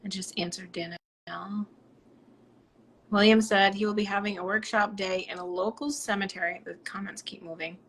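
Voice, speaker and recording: A woman chats to her viewers in a casual, bubbly way. Her voice sits in a middle pitch and often drops to a soft whisper. A faint hiss runs under the home recording. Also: fairly even intonation, normal speed. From Rhode Island, US. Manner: chatty, bubbly, breaks into soft whispers while reading. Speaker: psychic medium hosting a live stream. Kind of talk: casual live-stream chat reading comments.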